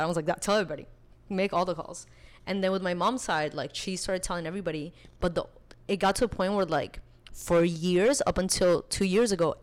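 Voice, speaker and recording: A young woman with a slightly low voice tells a personal story in a loose, chatty way. She fills her sentences with casual fillers and keeps the telling animated. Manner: chatty, animated, full of filler likes, laughs while telling. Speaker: podcast guest.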